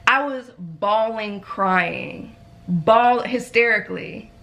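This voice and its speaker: A woman's voice: medium pitch, takes it slowly, vocal fry. A woman vlogger, candidly recounting a friendship falling-out, full of "like" fillers. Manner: animated storytelling with frequent "like" fillers. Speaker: vlog co-host.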